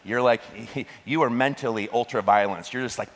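A man preaches to his congregation, animated and quick to break into jokes and laughter. His voice sits mid-range for a man. The sound carries a long reverb from a large hall. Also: medium pitch. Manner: animated, joking asides with laughter. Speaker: pastor. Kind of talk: sermon.

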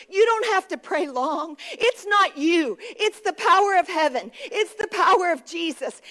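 High-voiced woman preaching a fervent sermon. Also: a bit bright. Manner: fervent, repetitive declarations, calls for response. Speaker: pastor. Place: church service.

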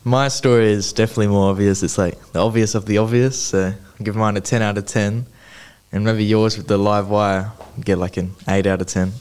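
A man's voice: lowish voice, fairly even intonation, a little fast, a little mellow, clean tone. A teenage man, a carpentry student co-hosting a podcast and putting plain questions to the others.

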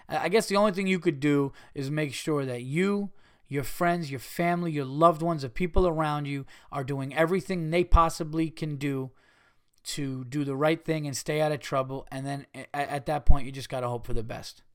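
A middle-aged male comedian hosting a podcast, delivering a profane ranting monologue that swings from yelling to calmer musing. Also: a little high, normal speed, clean tone.

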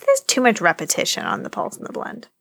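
Woman, podcast co-host, gravelly voice, blunt teasing chat, dry sound. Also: mid-range voice, wildly swooping pitch, fast talker, a bit bright, no echo. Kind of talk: casual chat.

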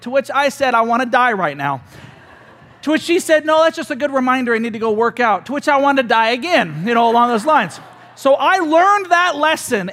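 A man preaching a sermon as pastor, telling funny stories in an animated, joking way. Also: very high voice, in a large hall. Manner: joking, animated storytelling with laughs.

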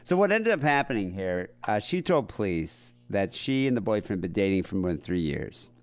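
A man's voice: on the low side, very animated, normal speed, dry recording. A man co-hosting a podcast, casually retelling a news story with profanity and acted-out quotes. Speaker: podcast co-host. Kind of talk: casual chat.

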